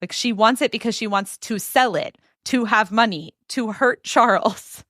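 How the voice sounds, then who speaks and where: Chatty woman host, fairly high voice. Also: measured pace, no room sound, studio quality. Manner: animated retelling with many "like" fillers. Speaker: podcast host telling a story. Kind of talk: casual storytelling chat.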